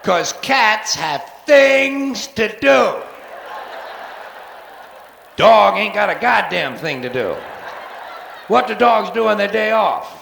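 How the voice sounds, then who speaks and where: A man's voice: high-pitched, animated, takes it slowly, vocal fry, pauses often, a bit bright, echoey room, slight background noise. A man in his forties doing a profane, sarcastic stand-up routine on a live theater stage, recorded from the soundboard. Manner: profane, sarcastic, acts out cat voices. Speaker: stand-up comedian.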